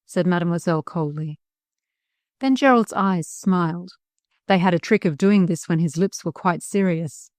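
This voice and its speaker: A woman's voice: fairly low pitch, moderate pace, darkish tone, no echo. Dry, close woman narrator. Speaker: audiobook narrator. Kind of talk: scripted storybook narration.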